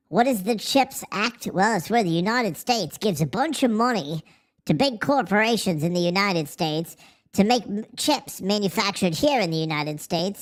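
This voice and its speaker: A man hosting a livestream, ranting in a profane, sarcastic and rambling way through a voice changer. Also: high voice. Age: adult, married. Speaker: livestream host. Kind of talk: casual livestream chat.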